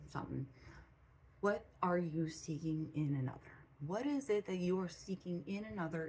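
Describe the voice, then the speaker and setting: Speaking in a low, darkish voice, a spiritual channel host offers blunt, profane spiritual guidance as a casual monologue, repeating phrases for emphasis. She's in a room at home with a cat, and the low-quality recording carries slight background noise.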